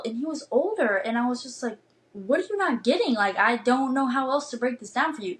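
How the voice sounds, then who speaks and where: The audio is poor, and the woman's pitch is fairly high. She's a twenty-something podcast host telling a dating story in a casual monologue, ranting emphatically and bluntly, swearing often and leaning on "like" as filler.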